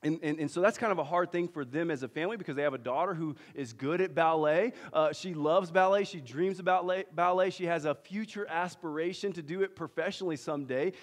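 A man, preaching a sermon, moving between loud emphasis and hushed storytelling. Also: a little high, fast talker, few pauses. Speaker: pastor. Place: church hall. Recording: long church-hall reverb.

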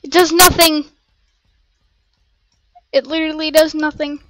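A woman casually commentating her gameplay in an excitable, rambling way, full of playful slang, on a cheap home mic. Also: high-pitched, measured pace, heavy background noise. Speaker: gameplay streamer. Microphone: cheap desk mic.

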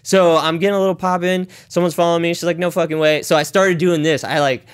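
Animated, profane man in his thirties. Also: on the high side, quick pace, clear, resonant tone. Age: 30s. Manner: animated, swears constantly, acts out quotes. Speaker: podcast guest. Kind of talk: casual storytelling.

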